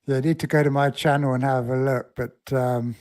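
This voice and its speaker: A man co-hosting a casual podcast, telling stories with deadpan jokes. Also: mid-range voice, brisk. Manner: storytelling, joking, deadpan. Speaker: podcast co-host.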